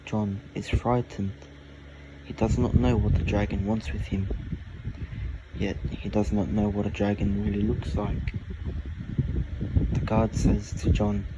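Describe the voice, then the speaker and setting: Slow, low-voiced male storyteller. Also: flat delivery, lo-fi sound, very noisy. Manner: slow, halting, in short phrases. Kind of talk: improvised fantasy storytelling.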